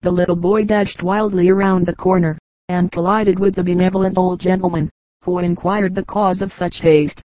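A woman narrates an audiobook of humorous anecdotes in a measured, even storytelling manner. Her pitch is fairly low, and the recording is dry and low in quality.

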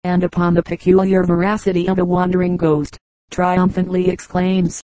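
A woman reading a humorous essay aloud as an audiobook narrator, with a measured, mock-grand delivery. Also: fairly low pitch, completely flat delivery, warm tone, no echo, low-quality recording. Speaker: audiobook reader.

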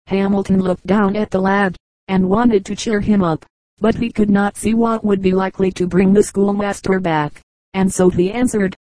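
A woman reading a novel aloud as an audiobook narrator, calm and measured. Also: medium pitch, no room sound, low-quality recording. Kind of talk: scripted narration.

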